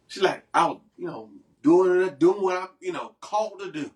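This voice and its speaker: Man, podcast co-host, mock-indignant, preachy, fairly high pitch. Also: moderate pace, few pauses, far from the mic. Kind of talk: casual banter with spouse.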